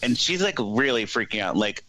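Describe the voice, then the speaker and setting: A man co-hosting a podcast, retelling a movie plot in a casual, animated way. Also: medium pitch, moderate pace, poor audio. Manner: animated storytelling with put-on voices for characters. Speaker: podcast co-host. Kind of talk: casual chat, plot recap.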